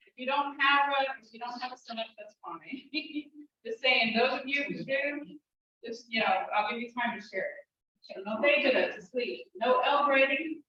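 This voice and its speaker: A woman teaching a language class, explaining step by step and encouraging her students, sometimes talking fast when she gets excited. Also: high-pitched, a little hiss or hum. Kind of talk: classroom instruction. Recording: echoey room, distant mic, muffled.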